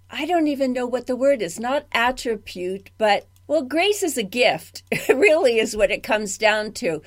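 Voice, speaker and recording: A woman interviewing a guest, speaking in a reflective, thoughtful way and dwelling on the meanings of words. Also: on the high side. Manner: reflective, talks about word roots. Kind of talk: radio interview.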